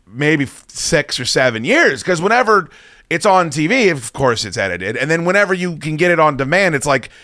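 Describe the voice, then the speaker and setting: A man's voice: a little high, sing-song, moderate pace, pushed and bright, no echo, studio quality. A man in his thirties hosting a podcast, telling a long story in a rambling, self-mocking way and swearing constantly. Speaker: podcast host. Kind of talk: casual profane storytelling.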